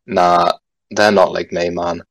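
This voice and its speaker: Young Geordie man, podcast guest, very low voice, dry close mic, relaxed rambling chat. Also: takes it slowly, no echo, poor audio. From North East England. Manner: laid-back, rambling with many fillers and some swearing. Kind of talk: casual chat.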